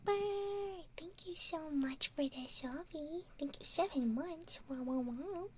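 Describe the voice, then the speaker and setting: High giggly whispering woman. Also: a little slow, a little hiss or hum. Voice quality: breathy whisper. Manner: giggly, chatty. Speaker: ASMR streamer. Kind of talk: whispered role-play.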